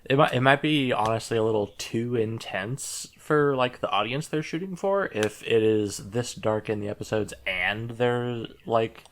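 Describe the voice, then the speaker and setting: A man co-hosting a casual review podcast, with a smooth, resonant voice at a middling pitch. He speaks haltingly, filling his pauses with ums and uhs as he works through his opinions. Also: animated, fairly bright tone. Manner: hesitant, many ums and uhs. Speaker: podcast co-host.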